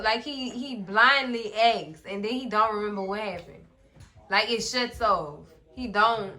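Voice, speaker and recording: A woman in casual recap commentary, animated and sassy, often talking straight to the characters. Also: a little high. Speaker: recap vlogger.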